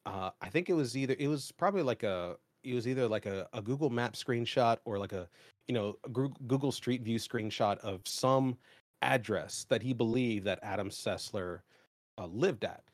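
A man's voice: medium pitch, moderate pace, no echo. A man co-hosting a gaming podcast, telling stories loosely with fillers and some swearing. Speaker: podcast co-host. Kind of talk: casual chat.

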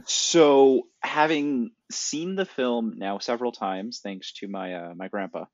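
A man's voice: medium pitch, takes it slowly, no room sound. A man co-hosting a casual film podcast, explaining things in detail and at length. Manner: knowledgeable, explains at length about swords. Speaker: podcast co-host. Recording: dry, dull lo-fi sound.

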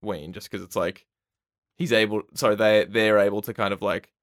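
A man's voice: on the low side, fairly even intonation, moderate pace, fairly bright tone. A man co-hosting a podcast, talking enthusiastically and rambling with many restarts about comics. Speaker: podcast co-host. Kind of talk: casual chat about comics.

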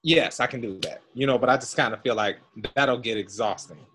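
A man chatting casually over a remote call, relaxed and slangy, laughing easily and asking questions. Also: mid-range voice, fairly quick, husky. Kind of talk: casual chat.

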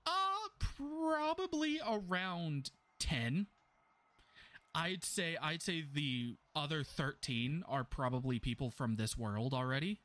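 A man's voice: a little high, animated, slow, a bit bright. A man running a tabletop game as game master, narrating in a casual, wry way with many restarts.

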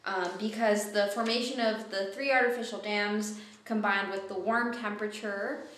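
A woman's voice: medium pitch, steady tone, normal speed, a bit bright, a little hiss or hum. A woman co-hosting a podcast, chatting casually, laughing often and retelling what happened in the episode. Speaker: podcast co-host. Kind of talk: casual chat. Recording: roomy echo.

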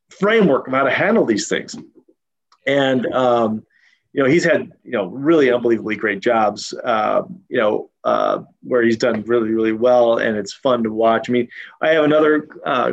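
A man's voice: mid-range voice, lo-fi sound. A man hosting a podcast interview, talking in a casual, rambling way with many fillers and restarts. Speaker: podcast host.

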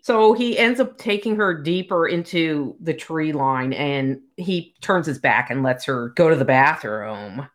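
A woman's voice: sits low, unhurried. A woman co-hosting a casual book podcast, telling stories and acting out the dialogue. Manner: animated storyteller, acts out dialogue. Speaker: podcast co-host.

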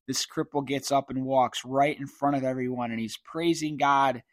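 A man teaching a Bible passage, switching between slow, careful scripture reading and loose, chatty explanation. He clears his throat now and then, and his voice sits at an ordinary middle pitch. The sound is dry and close, with no room echo. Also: steady tone. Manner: reads scripture then comments conversationally, frequent throat clearing. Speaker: preacher.

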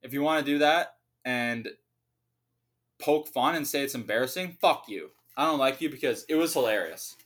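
A man's voice: mid-range voice, expressive, normal speed, a bit bright. Profane ranting man hosting a podcast. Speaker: podcast host. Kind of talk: casual solo podcast rant.

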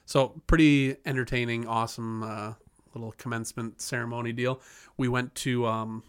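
Podcast co-host, man in his 30s, lively storyteller with a middle pitch, dry close studio sound. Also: normal speed, smooth, no room sound. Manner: animated storyteller, laughs and swears often. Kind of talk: casual storytelling chat.

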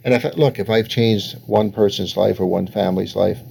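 Gravelly older man telling stories. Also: fairly low pitch, steady tone, brisk, mellow, a little hiss or hum. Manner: storytelling, voices others in quotes with lots of laughter. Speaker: guest therapist. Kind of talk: interview answers.

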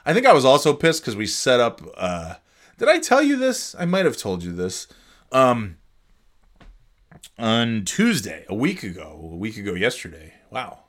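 A man's voice: medium pitch, wildly swooping pitch, normal speed, a bit bright. A man hosting a casual solo podcast, rambling through his thoughts with frequent restarts, swearing and chuckles. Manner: chuckles often between phrases. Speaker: podcast host.

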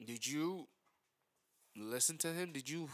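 A man's voice: on the high side, lively intonation, slow pace, fairly bright tone. A man co-hosting a podcast in casual chat, blunt and heated, with many fillers and stammered restarts. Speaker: podcast co-host.

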